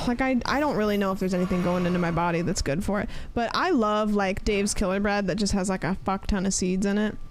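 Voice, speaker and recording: A woman's voice: medium pitch, slight background noise. A young woman streaming a game, chatting casually and rambling as she answers her chat. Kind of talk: casual chat while gaming.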